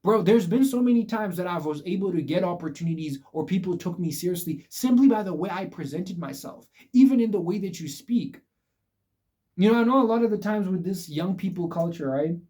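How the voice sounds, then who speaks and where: Young guy ranting advice at the camera, kinda high voice but warm, keeps saying guys. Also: expressive, a little fast. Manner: emphatic, repetitive, addresses viewers as guys. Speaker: vlogger giving life advice. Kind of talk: casual direct-to-camera advice talk.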